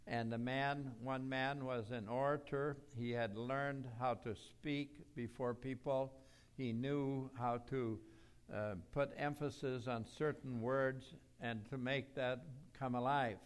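Male preacher, slow deliberate delivery, smooth resonant voice, earnest sermon storytelling. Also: medium pitch, steady tone.

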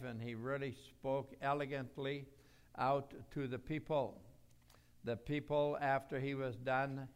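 A man preaching a sermon, telling a story in an earnest, measured way. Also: mid-range voice, clear, resonant tone. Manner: slow, earnest storytelling with pauses.

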